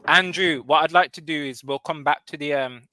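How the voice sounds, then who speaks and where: A man's voice: on the high side, fairly quick, sharp tone, no echo. A man hosting a football fan livestream, greeting viewers and openly venting frustration. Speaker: host.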